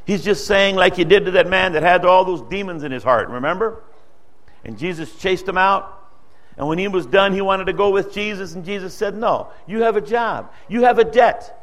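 A man preaching a sermon, telling a testimony story in an earnest, storytelling way, his voice rising and falling. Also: fairly quick. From Dutch-speaking background. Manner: earnest storytelling preacher, rises and drops in pitch and loudness.

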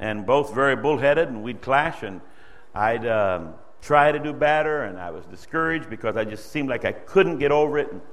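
Preacher man in a reverberant hall. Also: a little high. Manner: emotional, swings from loud exhortation to hushed storytelling. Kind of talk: sermon. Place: church sanctuary. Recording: long reverb of a large hall.

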